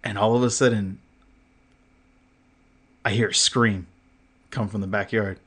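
A man's voice: on the low side, steady tone, measured pace, a bit bright, husky. A man co-hosting a podcast, telling a story in casual chat, full of fillers, swearing and laughter, acting out what others said. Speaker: podcast co-host.

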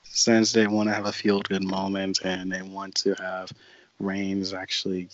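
A man's voice: deep voice, completely flat delivery, a little slow, highs cut off, slight background noise. A man co-hosting a wrestling podcast, casual and wry, laying out his picks in order. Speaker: podcast co-host. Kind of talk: casual chat.

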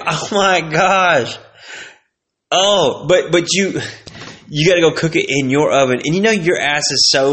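A man's voice: medium pitch, fairly bright tone. A young man from Texas, ranting casually and swearing constantly, his voice jumping up when he gets worked up. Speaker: vlogger. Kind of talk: casual profane rant.

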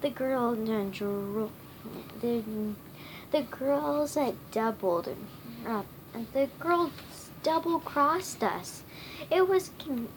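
Female storybook reader, high voice, slow halting delivery with frequent restarts. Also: darkish tone, slight background noise, poor audio. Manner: halting, stumbling reading with many restarts and self-corrections. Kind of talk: reading a children's storybook aloud.

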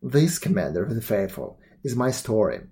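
A man narrating a classic tale aloud in a steady, even reading voice. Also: lowish voice, moderate pace, gravelly. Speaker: storyteller. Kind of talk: storybook read-aloud narration.

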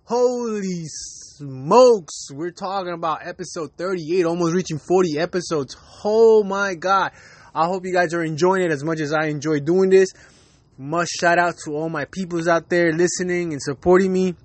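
High-voiced man ranting on his podcast. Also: steady tone, normal speed, no room sound. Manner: loose, profane, laughing often. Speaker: podcast host. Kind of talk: casual ranting monologue. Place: Miami.

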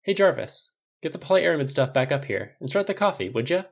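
A man's voice: on the low side, big pitch swings, unhurried, darkish tone. A man doing a brash young inventor. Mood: breezy. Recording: slightly dull lo-fi recording.

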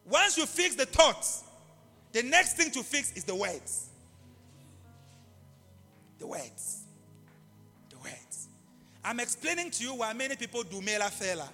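A man preaching a live sermon in an impassioned way, repeating key phrases and bursting into shouts. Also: very high voice, very animated, moderate pace. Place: large church hall. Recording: live hall reverb with faint music.

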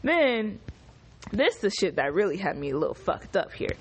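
A woman hosting a casual solo podcast, recapping a show in an animated, profane, exclamatory way. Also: medium pitch, moderate pace, slight background noise. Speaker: podcast host.

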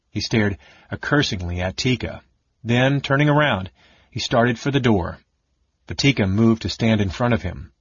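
Man, audiobook narrator, low husky voice, measured expressive reading, dull lo-fi recording. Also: no room sound. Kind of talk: scripted fantasy narration.

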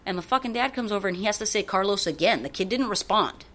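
Woman podcast host ranting thru a story, cussing a lot, bright tense voice. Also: medium pitch, fast. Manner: profane, rambling, animated. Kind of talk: casual storytelling chat.

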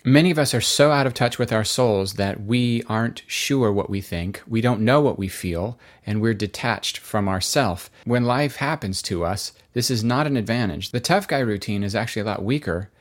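A man's voice: on the low side, moderate pace, few pauses. A man in his thirties giving a devotional talk, earnest and conversational, telling stories. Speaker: Christian speaker.

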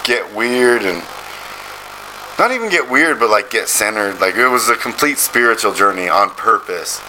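Man, low bright voice, rambling storyteller on a casual podcast, faint noise behind. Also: expressive, normal speed, poor audio. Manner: rambling storyteller, swearing, laughing often. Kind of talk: casual chat.

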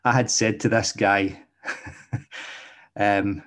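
A man's voice: lowish voice, steady tone, very slow, fairly bright tone. A middle-aged Glaswegian man and dog trainer, talking in a casual, rambling monologue and often checking in with "okay?". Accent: Glaswegian Scottish. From Scotland.

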